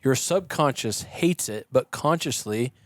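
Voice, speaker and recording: A man with a mid-pitched voice talks through shooting technique as a podcast guest, lively and chatty. He explains in a casual way and acts out the people he quotes. The sound is dry and close, with no room echo. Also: a little slow. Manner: animated storyteller, acts out quoted yelling. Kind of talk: conversational explaining. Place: podcast studio.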